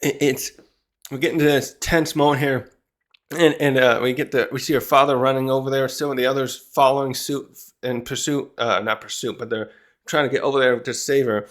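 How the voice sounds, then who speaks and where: A man of ordinary, middle pitch hosts his own review channel. He talks through a comic chapter in loose, casual commentary. He thinks aloud as he goes and circles back on his points. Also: steady tone, brisk, fairly bright tone. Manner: rambling, thinking aloud as he recaps.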